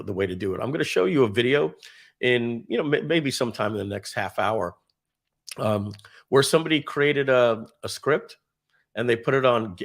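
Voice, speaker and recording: A man's voice: fairly low pitch, creaky, slightly rough. A man presenting a casual live stream, rambling and enthusiastic, with many fillers and restarts as he acts out quoted dialogue.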